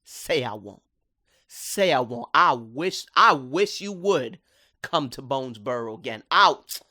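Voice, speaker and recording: A man's voice: medium pitch, lively intonation, slow pace, bright, forceful tone, heavily acted. A man putting on a tough older mother who threatens an intruder in streetwise, trash-talking slang. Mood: threatening.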